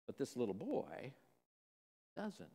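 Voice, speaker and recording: A man preaching a sermon as pastor, telling stories and swinging from hushed lines to emphatic ones. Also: mid-range voice, huge pitch swings, takes it slowly, gravelly, breathy edge, big-room sound. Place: church sanctuary.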